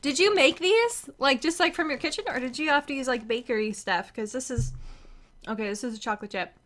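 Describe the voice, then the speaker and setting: A woman's voice: high-pitched, fairly quick, fairly bright tone. A woman streamer gushing in a casual live-stream chat while eating, giggly and talking with her mouth full.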